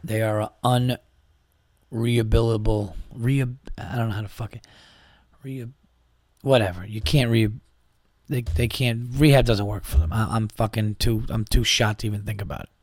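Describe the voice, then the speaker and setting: A man's voice: lowish voice, fairly even intonation, normal speed, darkish tone, no room sound. A man hosting a comedy podcast, ranting with exasperation and acting out the people in his stories. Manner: exasperated, rambling, acts out quoted voices. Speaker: podcast host. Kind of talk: comedic rant.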